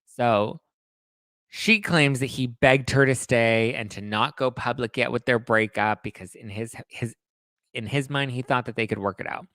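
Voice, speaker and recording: Gossipy man host, bright tone, dry close sound. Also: mid-range voice, moderate pace, no room sound. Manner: gossipy, dramatic, animated. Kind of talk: casual book recap chat.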